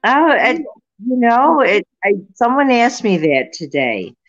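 A woman in her sixties, a guest psychic medium, answering interview questions at an unhurried pace with fillers and restarts. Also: on the high side, sing-song, muffled recording, faint music behind. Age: 60s.

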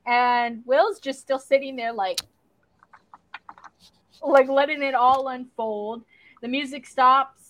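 A woman's voice: sits high, steady tone, slow pace, long pauses, fairly bright tone, poor audio. A young woman co-hosting a podcast, recapping a series in casual chat and swearing freely as she tells the story. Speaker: podcast co-host.

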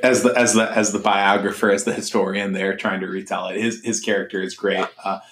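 A man with a fairly low voice talks casually as a podcast co-host. He keeps the tone loose, laughs often, and drops into quick impressions of scenes he is describing. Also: flat delivery, a bit bright. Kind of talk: casual chat.

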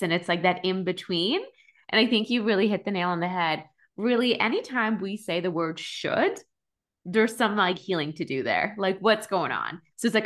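A woman podcast host talking in a chatty, expressive way in a casual interview. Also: mid-range voice, moderate pace.

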